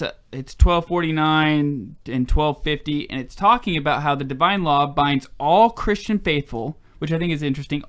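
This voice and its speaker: A man co-hosting a casual chat show, reading passages aloud and steering the questions. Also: fairly high pitch. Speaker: podcast co-host.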